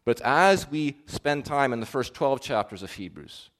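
A man preaching a sermon, earnest, rising to emphatic swells and dropping to soft, quiet endings. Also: medium pitch, expressive, normal speed.

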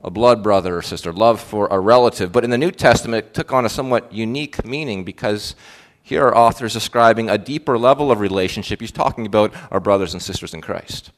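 A man's voice: fairly low pitch, fast, hardly any pauses. A male pastor preaching a sermon in an earnest, questioning way, with frequent fillers and restarts.

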